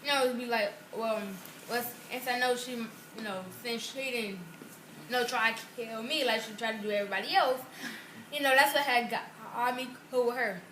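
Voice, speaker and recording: A woman cast member rambling haltingly in a casual group chat. Her voice sits a little high. The room is echoey, with faint noise behind her. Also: a bit bright. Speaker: reality show cast member.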